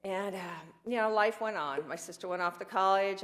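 A woman's voice: fairly low pitch, moderate pace, fairly bright tone. An older woman telling her life story in a candid, rambling way, with self-mocking asides. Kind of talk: personal storytelling talk.

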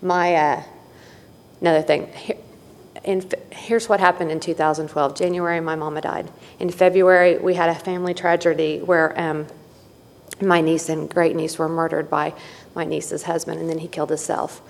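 Middle-aged woman, lower voice, candid testimony with wry humor, long hall reverb. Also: level tone, normal speed, gravelly, a little hiss or hum. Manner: candid, folksy, wry asides. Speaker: speaker sharing at a recovery meeting. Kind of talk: personal testimony storytelling.

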